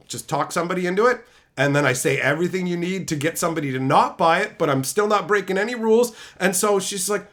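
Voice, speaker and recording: Male streamer host, higher voice, very animated delivery, crude casual storytelling. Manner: profane, animated, mimics coworkers in quotes.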